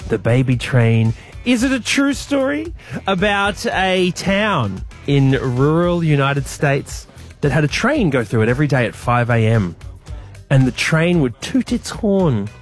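A man, co-hosting a breakfast radio show, telling stories and sometimes dropping into a low, dramatic voice. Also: animated, unhurried, faint music behind. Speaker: radio co-host. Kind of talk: casual breakfast radio banter.

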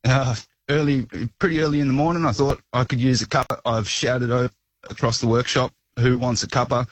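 A man's voice: mid-range voice, steady tone, fairly quick, husky, dry recording. A man phoning a radio show, telling a workplace yarn with dry humour. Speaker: caller. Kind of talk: telling a story on air.

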